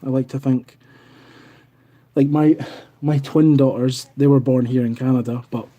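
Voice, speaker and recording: Scottish guy rambling on a home livestream, dark mellow voice, bit husky. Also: mid-range voice, steady tone, a little slow, lo-fi sound. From Scotland. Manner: rambling, chatty, reads viewer comments aloud. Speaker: livestream host. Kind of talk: casual live-stream chat. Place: home in Canada.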